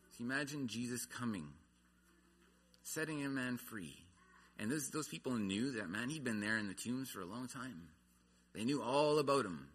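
A man's voice: lowish voice, pushed and bright, breathy edge. A man preaching a sermon, earnest, his voice rising and falling in intensity. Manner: earnest, rises and falls in intensity.

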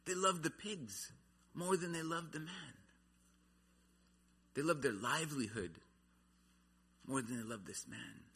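A man's voice: a little high, a little slow, long pauses, pushed and bright, slightly rough. A man preaching a sermon, earnest, his voice rising and falling in intensity. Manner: earnest, rises and falls in intensity.

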